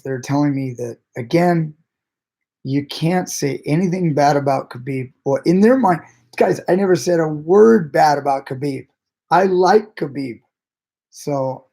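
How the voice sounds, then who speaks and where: A man coaching grappling talks casually to his viewers about the messages he gets. He is blunt, swears freely and laughs often, and his voice sits at an ordinary middle pitch. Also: creaky, a little mellow.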